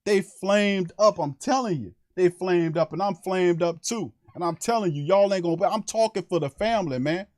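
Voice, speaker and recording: A man's voice: high-pitched, normal speed, hardly any pauses, a little mellow, no echo, studio quality. Fired-up New man ranting. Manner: heated, emphatic, profane, repeats his points. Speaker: sports podcast host. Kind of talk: fired-up fan rant on a live stream.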